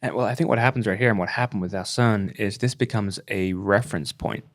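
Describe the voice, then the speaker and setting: A man's voice: on the low side, brisk. A father co-hosting a parenting podcast, thoughtfully explaining a point in casual chat with some restarts.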